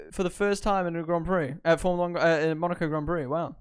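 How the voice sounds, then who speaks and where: Excitable young man with a smooth voice. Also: sits high, fast talker, few pauses. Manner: excitable, swears often, bursts into shouting at the broadcast. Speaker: host reviewing races. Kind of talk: live watch-along reaction and review.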